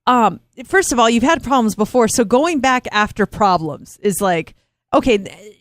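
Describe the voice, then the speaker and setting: A woman's voice: a little high, animated, normal speed, dry recording, clean studio sound. A woman co-hosting a talk show, chatting casually and reassuringly. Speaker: radio show co-host.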